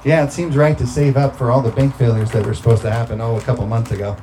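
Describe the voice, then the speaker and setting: A man's voice: mid-range voice, flat delivery, fast, background noise. A man preaching a sermon, talking through scripture in a conversational way and breaking into emphatic bursts.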